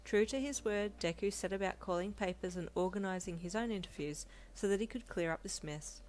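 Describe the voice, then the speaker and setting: A woman narrating a second-person fanfiction romance, steady and gentle. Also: medium pitch, fairly quick, a little hiss or hum.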